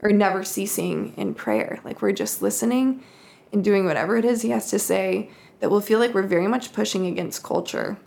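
Woman podcast co-host, casual faith talk. Heavy vocal fry, very expressive pitch. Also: normal speed. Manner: reflective storytelling, acts out quoted voices.

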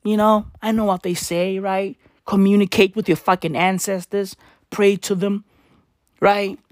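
A woman's voice: medium pitch, little pitch movement, measured pace, no echo, clean studio sound. A woman doing a profane comedic rant, swearing freely and peppering lines with slang tags. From South Africa. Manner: swearing, ranting, keeps tossing in "right?" and "bruv".

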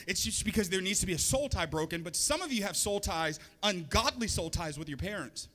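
A male pastor with a high, bright voice preaches a sermon in a loose, conversational way and slips in joking asides. His words ring out with a long reverb that trails through the hall. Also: lively intonation, fairly quick, few pauses.

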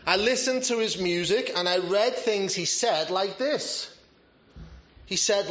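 High-voiced preacher, conversational. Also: male voice, unhurried, fairly bright tone. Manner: conversational, self-deprecating humor. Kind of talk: sermon. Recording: roomy, slightly dull church recording.

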